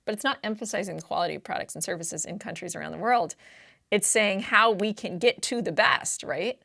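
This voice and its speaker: A woman's voice: medium pitch, a little fast, creaky, bright, forceful tone. A woman tutoring test preparation, walking through reading answers in a casual, emphatic way and often checking in with the listener. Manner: emphatic, keeps checking in with "right?"; casual, slangy teaching talk.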